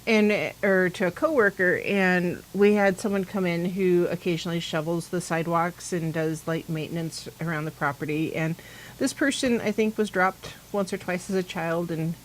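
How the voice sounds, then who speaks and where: A woman hosting a pagan talk show, telling a rambling, animated story in casual chat and acting out the dialogue she quotes. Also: fairly low pitch, moderate pace, slight background noise, rough recording.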